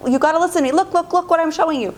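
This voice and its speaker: A woman's voice: high-pitched, little pitch movement, fairly quick, pitched above the performer's own voice, close to an everyday voice. A woman voicing a pushy teenage girl who insists she must have a dress from a sale right away. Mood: insistent. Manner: insistent, pleading.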